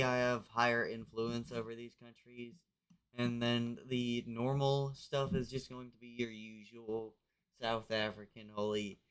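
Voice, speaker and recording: A man's voice: mid-range voice, clean tone. A man narrating a map game casually, loose and rambling with lots of fillers. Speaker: video narrator.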